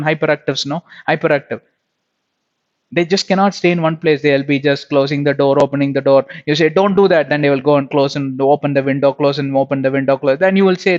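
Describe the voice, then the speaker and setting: A man's voice: little pitch movement, fast talker. A man teaching a Bible lesson in sermon style, talking emphatically with rhetorical questions and repeated phrases. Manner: emphatic, rises in pitch and volume when stressing points. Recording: dull lo-fi recording.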